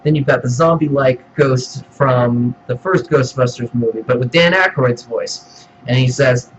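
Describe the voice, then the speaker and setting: A man's voice: mid-range voice, a little slow, dull audio, slight background noise. A man giving a profane, exasperated film review as a ranting reviewer, swearing often and mocking what others say. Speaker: movie reviewer.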